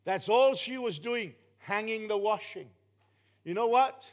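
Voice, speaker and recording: Male New preacher, high-pitched, emphatic sermon delivery with loud peaks and soft drops. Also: measured pace. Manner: emphatic, rising to loud bursts then dropping low.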